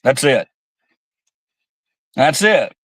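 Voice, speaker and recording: A man's voice: medium pitch, big pitch swings, drawn-out words, fairly bright tone, no room sound, rough recording. Angry, profane male livestream host. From United States. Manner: heated, profane, reads chat comments aloud. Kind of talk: angry political livestream rant.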